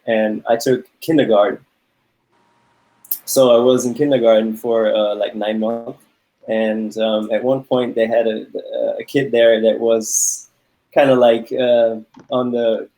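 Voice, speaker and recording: A man from Germany, telling a story in casual chat, halting and repeating words and laughing often. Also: mid-range voice, little pitch movement, warm tone, low-quality recording. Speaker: panel guest.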